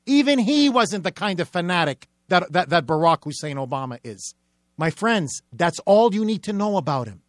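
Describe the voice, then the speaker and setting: A man's voice: high voice, sing-song, normal speed, dry recording, studio quality. A man hosting a political talk radio show, delivering a combative, mocking monologue with repetitive rhetorical build-ups.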